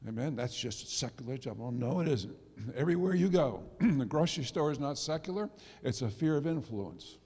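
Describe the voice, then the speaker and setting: A middle-aged male pastor preaching a sermon, dropping to soft asides and rising to loud emphasis. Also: mid-range voice, animated, moderate pace, husky. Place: church sanctuary. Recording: long reverb of a church hall.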